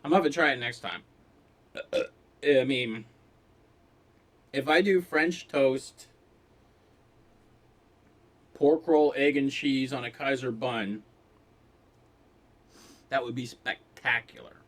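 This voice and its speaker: A man rambling through a jokey casual monologue, coughing often and breaking into sudden loud outbursts. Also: mid-range voice, takes it slowly, long pauses. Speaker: vlogger. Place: Los Angeles.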